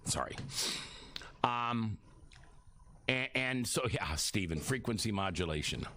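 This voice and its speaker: Brief: middle-aged male radio host, lively swooping delivery, rambling and often apologizing. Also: fairly low pitch, slow pace, a little hiss or hum. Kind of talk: casual talk radio. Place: radio studio.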